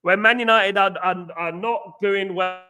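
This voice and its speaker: A fired-up football fan hosting a live stream rambles passionately while responding to viewers in the chat. His voice is high for a man and bright with a forceful edge, yet his tone stays steady and his pace measured.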